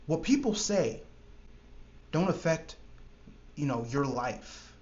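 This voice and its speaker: Man, high voice, emphatic motivational coach, casual swearing, echoey dull-sounding room. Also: big pitch swings, slow pace, darkish tone. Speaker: trading coach. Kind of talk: motivational monologue.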